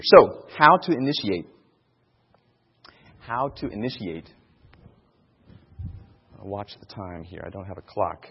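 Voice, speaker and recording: A man's voice: fairly low pitch, sing-song, takes it slowly, pauses often, husky. A man giving an informal sermon talk on sharing faith, earnest and repeating his key phrases for emphasis. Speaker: speaker teaching evangelism. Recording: dull sound in a reverberant hall.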